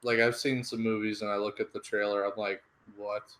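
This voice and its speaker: A man's voice: fairly low pitch, little pitch movement, brisk, a bit bright. A man co-hosting a podcast in casual chat, with a laid-back, hesitant manner that often trails off. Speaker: podcast co-host.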